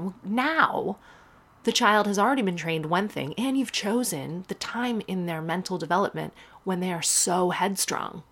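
A woman in her thirties hosting a podcast, telling stories in a casual, animated and wry way. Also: fairly low pitch, moderate pace. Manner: animated, wry, puts on voices for quotes. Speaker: podcast host. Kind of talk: casual storytelling monologue.

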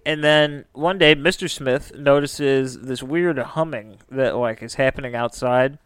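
Podcast host, male, chatty narrator with a resonant voice in a dead-quiet room. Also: medium pitch, measured pace, clear, resonant tone, no echo. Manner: chatty, lots of filler "like". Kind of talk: casual storytelling.

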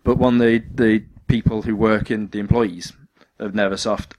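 A man's voice: lowish voice, steady tone, normal speed, a little mellow. A man co-hosting a podcast, chatting casually and rambling through lots of fillers and restarts. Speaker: podcast co-host. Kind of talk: casual chat.

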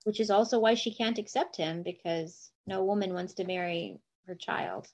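A woman guest in a casual book discussion, animated and acting out quotes as she talks. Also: mid-range voice, normal speed. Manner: animated, reads passages and acts out quotes. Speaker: podcast guest.

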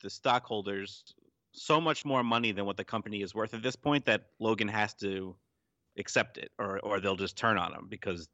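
Low-pitched man co-host, emphatic, with a dull lo-fi sound. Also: normal speed, bright, forceful tone, no room sound. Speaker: podcast co-host. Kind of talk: casual chat.

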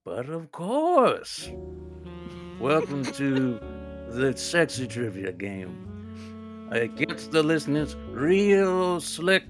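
A man doing a sultry game-show announcer who stretches every word out slowly and seductively. His pitch swoops widely, and guitar music plays behind him. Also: very animated. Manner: drawn-out seductive delivery.

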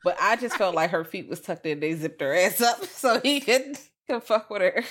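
A woman co-hosting a podcast, chatting casually about a film, swearing freely and acting out characters with big jumps in voice. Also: normal speed. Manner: profane, animated, acts out characters with big pitch jumps. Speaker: podcast co-host. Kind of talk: casual chat reviewing a film.

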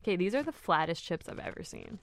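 A woman's voice: lowish voice, wildly swooping pitch, fast, creaky, fairly bright tone, slight background noise. A woman in casual snack-tasting chat, a chatty, playful storyteller.

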